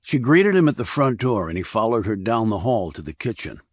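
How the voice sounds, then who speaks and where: Brief: male audiobook narrator, low-pitched, steady reading, dry studio sound. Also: brisk, no room sound. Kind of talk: scripted thriller narration.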